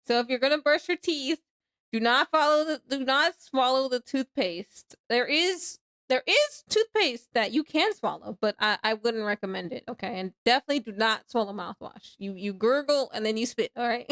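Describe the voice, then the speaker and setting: High-voiced young woman, casual live streamer at her home desk, laughs a lot and squeals. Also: expressive, moderate pace, fairly bright tone. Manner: laughs a lot, squeals when startled, then drops to mumbling.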